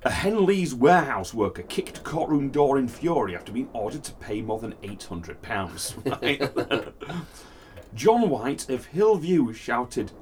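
Brief: male host, lively pitch swings, reads a story between laughs. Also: unhurried, a little hiss or hum. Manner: amused, laughing often through the reading. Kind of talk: casual chat, reading a news story aloud.

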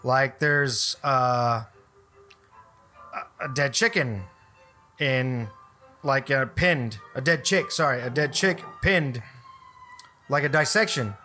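A man's voice: mid-range voice, slow, long pauses, pushed and bright, soft background music. A man casually telling a rambling work story on a podcast, swearing freely and restarting his sentences.

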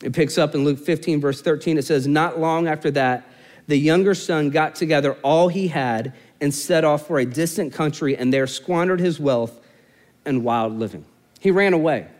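A man's voice: on the high side, moderate pace. A young man preaching a sermon, telling stories with humor and acting out voices. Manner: animated storytelling, mimics voices, self-mocking humor. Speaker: pastor.

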